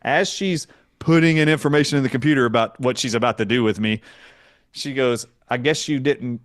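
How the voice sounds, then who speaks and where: A man's voice: mid-range voice, fairly quick. A man who is a doctor and a guest on an interview show, telling a story emphatically and acting out the dialogue. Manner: animated, emphatic, acts out dialogue.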